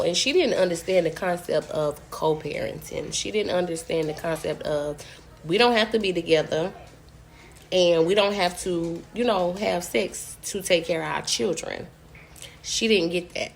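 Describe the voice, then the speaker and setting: A young woman vlogger telling a story casually while she eats, blunt and profane. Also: lowish voice.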